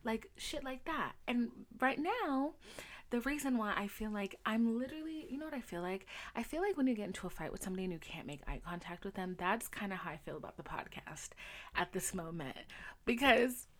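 A young adult woman hosting a solo podcast, chatting candidly with profanity and animated storytelling. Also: mid-range voice, fairly quick. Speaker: podcast host. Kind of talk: casual solo podcast chat.

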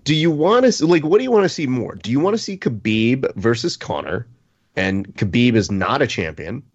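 A man hosting a sports podcast, leading the discussion in an expressive, playfully indignant way. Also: mid-range voice, normal speed, husky, highs cut off. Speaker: podcast host. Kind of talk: casual sports talk.

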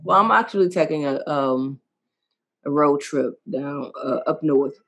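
A man's voice: a little high, a little slow, a bit bright. A man who is a guest on a podcast, chatting in a laid-back, slangy way. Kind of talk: casual chat.

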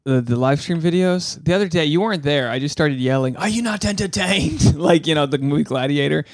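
A man from New England co-hosting a casual podcast chat, rambling and animated, joking at his own expense. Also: a little high, fast, dry recording, studio quality. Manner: rambling, animated, self-mocking. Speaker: podcast co-host. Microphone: studio microphone.

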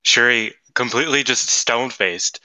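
A man co-hosting a casual podcast, rambling excitably and filling his talk with "like" and "dude". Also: medium pitch, moderate pace, no echo, low-quality recording. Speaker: podcast co-host.

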